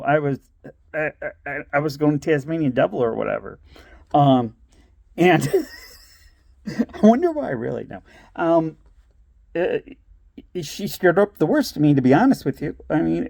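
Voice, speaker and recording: A man's voice: on the high side, very animated, moderate pace, creaky, long pauses, a little mellow, no echo, studio quality. A man vlogging in a casual storytelling monologue, giving blunt, streetwise advice and laughing often as he talks. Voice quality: laughs often while talking.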